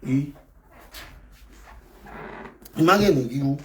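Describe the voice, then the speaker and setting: A man with a Nigerian accent ranting on a live stream, shouting, scolding and taunting. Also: medium pitch, lively intonation, moderate pace, slight background noise. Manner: shouting, scolding and taunting in Pidgin-laced English. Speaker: live video host. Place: abroad in France.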